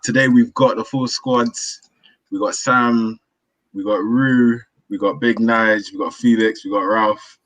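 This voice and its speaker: A man's voice: fairly low pitch, fairly even intonation, measured pace, fairly bright tone, low-quality recording. A man hosting a casual football podcast over a remote call, upbeat and rambling, laughing easily. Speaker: podcast host.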